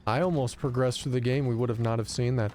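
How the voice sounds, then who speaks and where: Male streamer, casual gameplay chat, animated and profane, average pitch, faint background noise. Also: fast. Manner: animated storytelling, profane rants.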